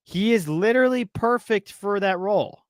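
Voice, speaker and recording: A man's voice: high-pitched, animated, moderate pace, dry recording. Ranting man on a dry podcast mic. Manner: heated, ranting, exasperated. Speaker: podcast co-host. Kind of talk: casual podcast commentary.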